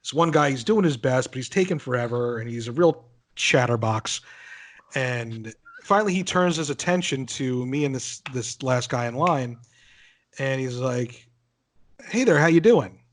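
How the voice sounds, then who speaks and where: A man telling a story in casual chat, animated, swearing freely and acting out what people said. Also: medium pitch, normal speed. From northern United States. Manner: animated, swearing, acts out quotes. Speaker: podcast guest.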